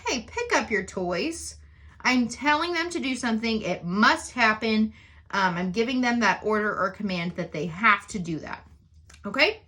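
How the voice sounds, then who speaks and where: A woman's voice: on the high side, bright, forceful tone. A woman teacher explaining sentence types in a recorded lesson, often checking in with "okay?" and "right?".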